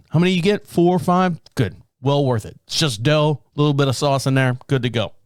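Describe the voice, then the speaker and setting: A man's voice: on the high side, fast, smooth, no echo. Middle-aged male podcast host, exasperated rambler, swears freely, dry close studio sound. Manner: rambling, exasperated storytelling with profanity. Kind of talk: casual solo rant. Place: home studio.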